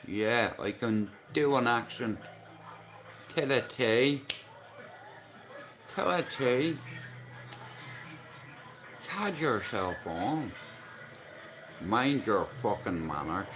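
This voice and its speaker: A man's voice: medium pitch, animated, very slow, pauses often, a bit bright. A man with a Dublin Irish accent chatting casually on his live stream, rambling and swearing through jokey banter. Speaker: livestreamer.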